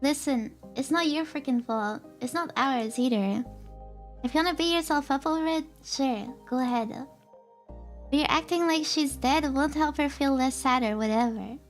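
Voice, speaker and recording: A woman's voice: high voice, moderate pace, faint music behind, close to an everyday voice. A woman voicing a blunt, impatient young man. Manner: curt, exasperated.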